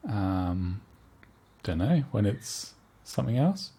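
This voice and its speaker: Joking low-voiced podcast co-host man. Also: big pitch swings, slow pace, warm tone, husky. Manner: joking, playful asides. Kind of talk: casual chat about retro games.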